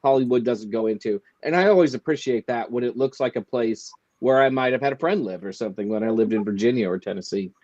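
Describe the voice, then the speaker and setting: Man, podcast co-host, casual, joking, rambling, mid pitch, dull lo-fi sound. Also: fast talker, hardly any pauses, a little mellow. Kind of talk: casual chat.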